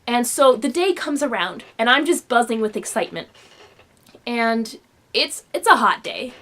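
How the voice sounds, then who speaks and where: A young woman telling a personal story in a home vlog, animated and expressive, acting out the quotes. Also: fairly high pitch, measured pace. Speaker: vlogger. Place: home room.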